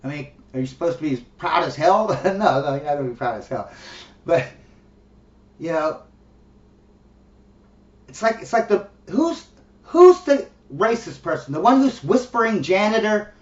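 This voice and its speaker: A man's voice: a little high, sing-song, normal speed, pauses often. A middle-aged man talking bluntly and profanely in a casual ranting monologue, laughing between his points. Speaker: commentary host. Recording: echoey, distant, dull lo-fi room recording.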